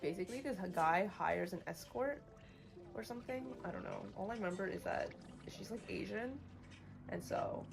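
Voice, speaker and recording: A woman's voice: mid-range voice, moderate pace, vocal fry. A woman livestreaming, chatting casually about books she has read, bluntly opinionated and full of "like". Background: music playing.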